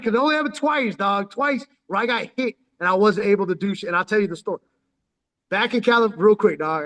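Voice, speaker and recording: High-voiced man rambling. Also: fairly bright tone. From San Diego, California. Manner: profane slang, calls listener "dog" constantly. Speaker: vlogger telling life stories. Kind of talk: rambling street storytelling. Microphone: phone. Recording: long hall reverb.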